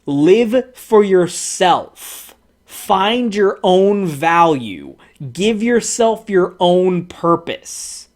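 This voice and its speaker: An earnest young hedgehog hero, as a man reads his comic lines, speaks slowly and deliberately. The tone is preachy and heartfelt. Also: high voice, sing-song, heavily acted.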